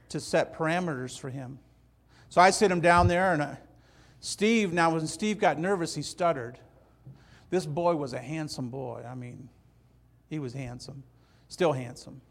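A middle-aged man preaching a sermon as pastor, earnest and folksy, repeating his phrases and telling stories from his family. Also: fairly high pitch.

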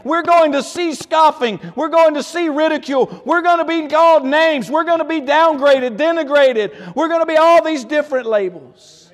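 A man preaches from the pulpit in a strikingly high voice. He drops low, then swells on slow, stressed words. The sanctuary rings with a long reverb. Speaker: pastor. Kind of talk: sermon. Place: church sanctuary.

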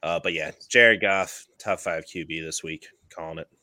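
A low-pitched man with a bright, forward edge to his voice talks through picks in a relaxed, chatty way and laughs easily at himself. He sounds very close to the mic in a dry, dead room. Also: moderate pace, no room sound. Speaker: podcast host. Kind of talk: casual fantasy football chat.

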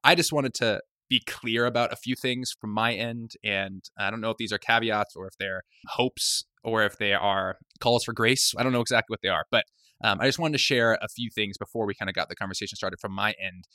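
A man's voice: fairly low pitch, brisk, sharp tone, no echo, studio quality. A man hosting a podcast, talking in an earnest, searching way with many hedges. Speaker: podcast host. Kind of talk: reflective podcast talk.

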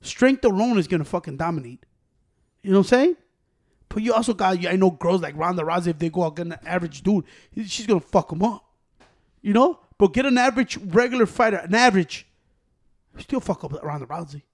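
A man co-hosting a casual chat, talking in a profane, animated way and saying "bro" a lot. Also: sits high, fairly quick.

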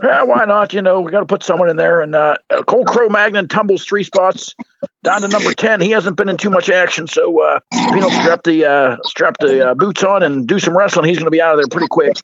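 A man commentating on a wrestling league with gruff, crass, mock-outraged podcast banter. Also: sits high, a little fast, fairly bright tone, no echo, lo-fi sound. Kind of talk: crude joking podcast banter.

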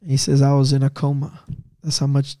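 A man, a missionary pastor, excitedly telling a personal story in quick bursts. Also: mid-range voice, dry recording, studio quality.

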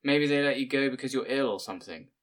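A tearful, pious old village mother, her voice lifted high as she laments and frets over her son, put on by a male reader. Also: fast, fairly bright tone, natural voice. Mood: tearful lamenting. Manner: lamenting, fretful.

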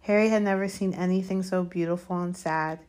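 A woman reading a children's fantasy chapter aloud as narrator, steady and measured. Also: on the low side. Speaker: audiobook reader. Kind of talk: storybook narration.

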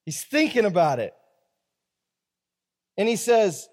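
A man's voice: very high-pitched, expressive, moderate pace, a bit bright, in a large hall. A man preaching a casual sermon, reading scripture aloud and breaking off into slangy, conversational asides. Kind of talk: casual Bible-study sermon.

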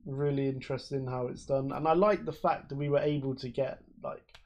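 A man's voice: mid-range voice, fairly even intonation, brisk, a little mellow. Chatty man explaining at length. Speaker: podcast co-host. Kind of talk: casual chat.

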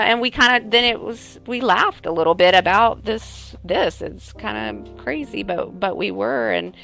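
A woman telling a personal story in an earnest, halting way, as an interviewee. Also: mid-range voice, creaky, a bit bright, faint music behind. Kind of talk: personal recollection.

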